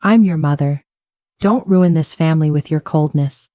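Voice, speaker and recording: A woman's voice: sits low, moderate pace, dark tone, dry recording, natural voice. A woman voicing a manipulative mother who guilt-trips her daughter. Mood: guilt-tripping.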